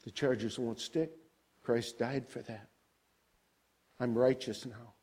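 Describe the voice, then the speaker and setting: An older man preaching a sermon, asking the congregation questions and swelling high and loud on key points before dropping low and soft. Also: fairly even intonation, slow, husky.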